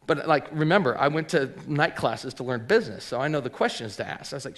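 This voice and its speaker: Animated man telling his own story. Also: on the high side, brisk. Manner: animated storyteller, acts out quoted voices, frequent um and like. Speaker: hat maker and shop owner. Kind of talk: personal storytelling talk.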